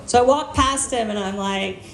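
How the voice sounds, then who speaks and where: A woman's voice: mid-range voice, moderate pace, slight background noise. Brash profane woman doing stand-up. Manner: brash, profane, self-mocking storytelling. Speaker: stand-up comedian. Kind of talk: stand-up set. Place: distillery bar stage. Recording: echoey live room.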